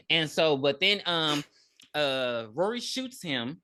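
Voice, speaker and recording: Lively woman co-host, bright voice, casual and profane. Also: low-pitched, normal speed. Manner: animated, profane, laughs often. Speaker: podcast co-host. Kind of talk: casual movie recap chat.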